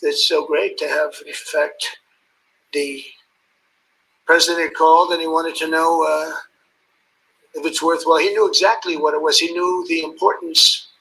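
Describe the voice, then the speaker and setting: A man's voice: a little high, flat delivery, moderate pace, pauses often, bright, forceful tone, rough recording. A man giving an off-the-cuff ceremonial speech as head of state, rambling, ad-libbing and heaping praise on the leaders he calls out. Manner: rambling, ad-libbing, calling out guests by name; boastful, praising superlatives.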